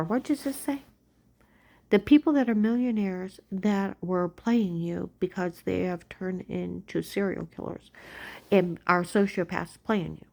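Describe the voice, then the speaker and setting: A woman giving an agitated personal monologue, ranting and swinging between loud outbursts and hushed whispers. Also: mid-range voice.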